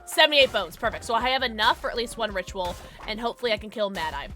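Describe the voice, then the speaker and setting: Young woman streaming a game, bubbly and chatty, a bit high voice, faint music in the background. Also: lively intonation, quick pace, sharp tone. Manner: chatty, bubbly, laughs often, reads chat aloud. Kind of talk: casual gaming livestream chat.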